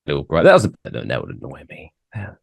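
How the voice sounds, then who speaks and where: Man, British accent, deep voice, swooping delivery, grumbling podcast guest, casual chat. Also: fast talker, creaky, no echo. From United Kingdom. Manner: animated, grumbling storyteller.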